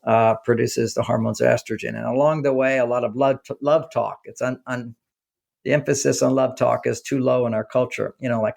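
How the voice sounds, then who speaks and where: Gravelly-voiced male author telling stories. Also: mid-range voice, brisk. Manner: animated storyteller acting out quoted dialogue. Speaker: author and guest. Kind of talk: casual interview talk.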